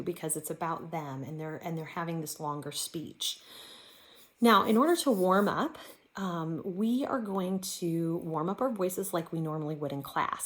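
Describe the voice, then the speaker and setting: Woman teaching an online drama class. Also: lowish voice. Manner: clear, encouraging classroom instructions. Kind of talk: recorded online class lesson.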